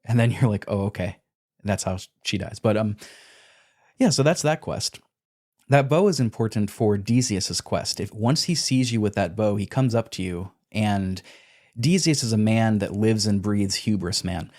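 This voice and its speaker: A man's voice: fairly low pitch, moderate pace, a little mellow. A man on a podcast, casually retelling video game quests and acting out character lines as he goes. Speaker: podcast co-host.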